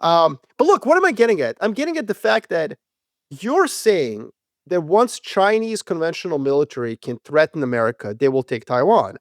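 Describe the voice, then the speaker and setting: Animated man debating in a dry studio. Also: on the high side, normal speed, no echo. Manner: animated, profane, acts out quoted voices. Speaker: podcast co-host. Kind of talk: casual debate.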